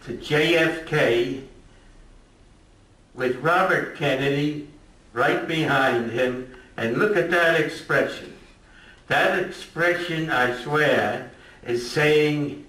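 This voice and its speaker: A man's voice: a little high, slow pace, bright, forceful tone. An older man giving an informal history lecture, chatty and joking with his audience. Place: lecture room at a retirement community. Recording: echoey room from a distant mic.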